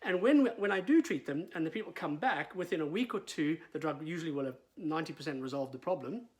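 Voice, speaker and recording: A middle-aged man talks casually as a vet, his voice sitting a little high for a man. He stumbles and repeats words, with plenty of "uh" and "um" as he explains. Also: lively intonation, fast. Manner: chatty, repeats words, many fillers. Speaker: veterinarian.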